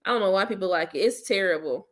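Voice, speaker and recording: A woman hosting her own channel, chatting casually with viewers in a blunt, slangy, teasing way and breaking into loud playful laughter. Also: mid-range voice, fast. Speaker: host of a commentary channel. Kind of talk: casual chat reacting to viewers.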